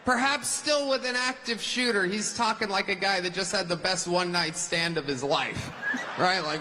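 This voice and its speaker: A man's voice: high-pitched, moderate pace, background noise. A man performing a mocking stand-up set at a rally in a large arena. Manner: mocking punchline delivery. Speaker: stand-up comedian.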